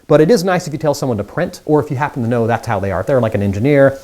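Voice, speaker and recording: A man's voice: mid-range voice, very fast, a little mellow. A man teaching mind reading magic tricks in a casual, upbeat tutorial, chatting straight to the viewers.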